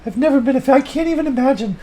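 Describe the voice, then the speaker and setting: A man putting on a gentle, soothing woman's voice, well above his own, for an improvised comic bit. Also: very high-pitched, lively intonation, racing, voice pushed up, poor audio.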